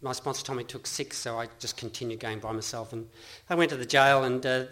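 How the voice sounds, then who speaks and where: A man's voice: medium pitch, steady tone, brisk, a bit bright. A middle-aged Australian man giving a personal recovery testimony to a meeting, earnest and rambling, with frequent restarts and laughter. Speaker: speaker sharing his recovery story.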